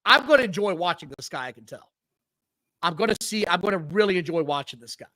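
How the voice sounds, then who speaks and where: A man's voice: sits high, fast talker, no echo, low-quality recording. A man co-hosting a casual wrestling podcast, blunt and profane, telling match stories with lots of energy. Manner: profane, blunt, animated storytelling. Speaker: podcast co-host.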